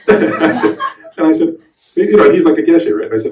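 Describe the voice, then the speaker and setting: Middle-aged guy giving a dharma talk, animated, acts out voices, heard from far off in a roomy hall. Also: medium pitch, fast. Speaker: Buddhist meditation teacher. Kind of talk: teaching talk with personal story. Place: teaching room with a group.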